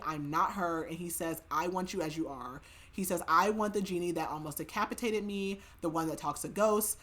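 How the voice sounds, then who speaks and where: A woman's voice: fairly low pitch, a bit bright. A woman hosting a podcast, casually retelling a novel's plot in a chatty way, quoting the characters' lines and filling her speech with "like". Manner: chatty, filler-heavy retelling with quoted dialogue. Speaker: podcast host. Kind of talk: casual book recap.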